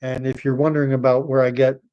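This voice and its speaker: A man's voice: medium pitch, flat delivery, quick pace, mellow, clean tone, highs cut off. Middle-aged Canadian man, livestream host, rambling casual monologue, sarcastic asides. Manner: rambling, with sarcastic mock quotes.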